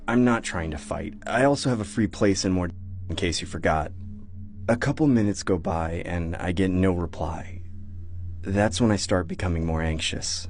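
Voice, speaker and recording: A young man narrating a scary personal story in a steady, earnest way. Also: low voice. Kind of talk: scripted horror story narration.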